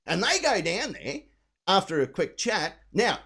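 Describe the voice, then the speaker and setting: Lively, profane male host rambling. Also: high voice, unhurried, breathy edge. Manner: rambling, profane, retelling a film. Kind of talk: casual live-stream chat.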